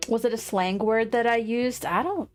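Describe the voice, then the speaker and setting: A woman livestreaming casual chat, rambling and quick to laugh. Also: on the high side, soft background music. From United States.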